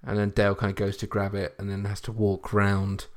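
A man's voice: on the low side, monotone, fairly quick. Easygoing man in casual podcast chat. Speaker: podcast co-host reviewing a sitcom.

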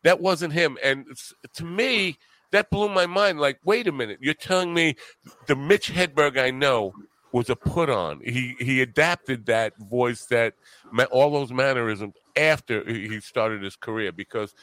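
A man's voice: medium pitch, measured pace, a bit bright, no echo. A man with a Long Island New York accent, hosting a casual chat and talking in a rambling, thoughtful way. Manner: rambling, thoughtful, with restarts and a dropping tone.

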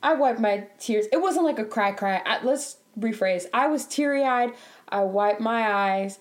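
A young woman recounting a frustrating day at work in a chatty storytime vlog. She sounds animated and exasperated, laughs often, and her voice jumps up in pitch whenever she gets worked up. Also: measured pace. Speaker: bank teller telling a work story. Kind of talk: storytime vlog, casual chat.

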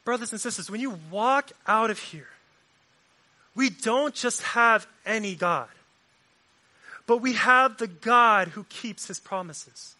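A man preaching a sermon, repeating lines for emphasis and swinging from forceful delivery to hushed, near-whispered passages. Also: high-pitched, slow.

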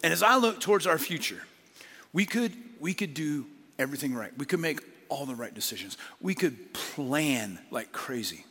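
A man's voice: a little high, very animated, moderate pace, sharp tone, slightly rough, long reverb tail. A man preaching a sermon as a pastor, speaking conversationally and acting out biblical figures in casual modern speech.

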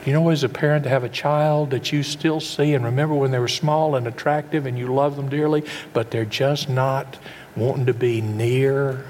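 A man preaching a sermon. His voice is mid-pitched and rings with a long reverb through a large hall, over a faint background hum. He keeps asking his listeners questions and often restarts a word mid-phrase. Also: steady tone, moderate pace, darkish tone. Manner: rhetorical questions and stumbling repeats.

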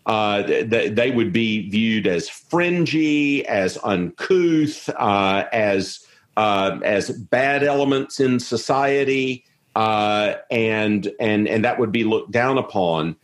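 Man, 50s, low voice, rambling interview guest who restarts a lot. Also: takes it slowly. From South Carolina, US. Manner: rambling, many restarts and repeated words. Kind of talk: conversational interview.

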